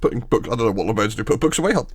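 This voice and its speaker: A podcast co-host with a husky, mid-range voice races through long jokes in casual chat, speaking expressively. He rambles as he tells them and giggles at his own punchlines, with no room sound in the audio.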